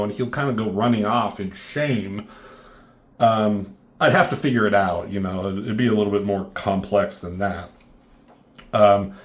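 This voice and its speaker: A low-pitched man chats loosely about the comic he made. He swears freely and now and then acts out what his characters say. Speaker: comic creator reviewing his own comic. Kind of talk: casual commentary.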